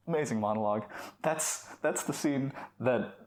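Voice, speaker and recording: A woman's voice: rumbling low, moderate pace. A woman co-hosting a casual film podcast, enthusiastic and often laughing as she retells scenes. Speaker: podcast co-host.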